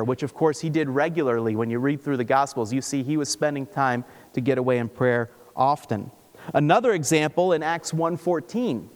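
Man preaching in an echoing hall. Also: a little high. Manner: explanatory, with playful asides. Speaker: pastor. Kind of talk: sermon.

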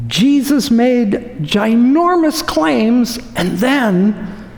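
A man's voice: very high voice, very animated, very slow, vocal fry, darkish tone. A man preaching a sermon, emphatic and repeating phrases for effect. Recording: echoey hall with long reverb.

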